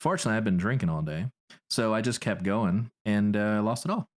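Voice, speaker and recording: A man's voice: fairly low pitch, expressive, brisk. A man co-hosting a casual podcast, telling a tale in a mock-grand announcer manner. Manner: mock-grand announcer delivery, swearing reactions. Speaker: podcast co-host.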